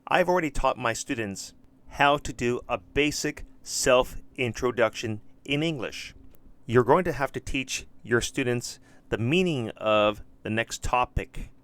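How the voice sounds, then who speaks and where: A man who teaches English, walking through a lesson plan and reading model questions and answers slowly and clearly. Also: medium pitch, fairly bright tone. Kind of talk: slow lesson-plan walkthrough.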